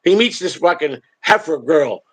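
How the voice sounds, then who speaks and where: Speaking at normal speed, a man with a fairly high, expressive voice and a fairly bright tone hosts a live stream. As streamer and show host, he tells casual stories that ramble, bluntly and profanely.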